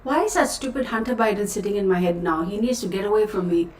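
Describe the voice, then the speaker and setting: A woman's voice: medium pitch, quick pace, a little mellow, far from the mic, slight background noise. Chatty Texan woman hosting a livestream. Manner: chatty, self-interrupting, addresses viewers as y'all. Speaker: tarot reader, channel host. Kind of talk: casual livestream chat. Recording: roomy, a bit off-mic.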